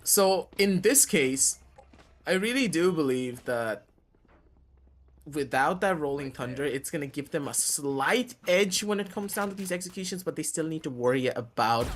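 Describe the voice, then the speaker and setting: Excitable male esports caster. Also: mid-range voice, slight background noise. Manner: excitable, jumps to shouting at big plays. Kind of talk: live game commentary. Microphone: headset over voice call.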